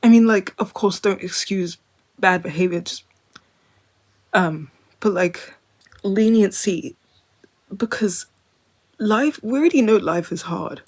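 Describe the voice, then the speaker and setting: A woman's voice: medium pitch, slow, long pauses, a little mellow. A woman in her twenties talking casually to camera in a rambling monologue, full of filler "like", drifting between wry and earnest. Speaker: vlogger.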